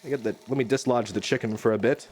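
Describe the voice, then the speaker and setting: A man's voice: mid-range voice, fairly even intonation, fast talker, darkish tone, a little hiss or hum. A man streaming live from his home kitchen, rambling and joking at his own expense while he cooks and talks to chat.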